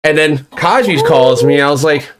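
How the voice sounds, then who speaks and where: A man's voice: a little high, normal speed, a crowd in the background. A man hosting a casual live-streamed interview, rambling and swearing freely as he retells stories. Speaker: podcast host.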